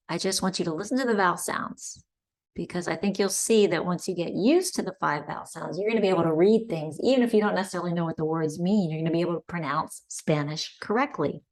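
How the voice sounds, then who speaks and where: A woman teaching Spanish pronunciation online, carefully modeling vowel sounds for learners to repeat. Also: fairly low pitch. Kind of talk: online language lesson.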